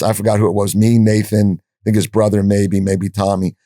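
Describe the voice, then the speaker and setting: A man's voice: lowish voice, normal speed, no room sound, clean studio sound. An older man guest on a podcast, telling stories bluntly and with profanity, acting out the dialogue he quotes. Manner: animated storyteller, acts out quoted dialogue. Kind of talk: storytelling in an interview.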